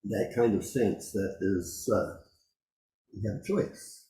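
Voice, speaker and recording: A man giving a dharma talk as a Zen teacher, reflective and unhurried, pausing often and laughing softly. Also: fairly low pitch, roomy sound, rough recording. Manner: slow, reflective, with frequent pauses and soft laughs.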